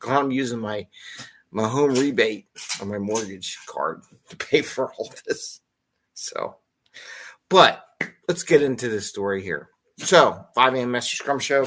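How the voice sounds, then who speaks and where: A man with a slightly low voice hosts a casual live show from home. He rambles and keeps getting sidetracked by the pets around him. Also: a bit bright. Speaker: host.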